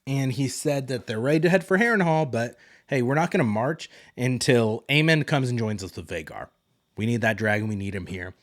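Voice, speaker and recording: Male podcast host, mid-range voice, relaxed chatty recap with loose paraphrase. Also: medium pitch, brisk. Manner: loose, rambling retelling with paraphrased quotes. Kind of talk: casual TV episode recap.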